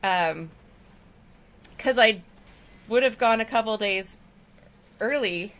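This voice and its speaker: A woman's voice: mid-range voice, takes it slowly, a bit bright. A woman streamer chatting casually with her viewers while she plays a game, rambling and affectionate. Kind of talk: casual chat while gaming.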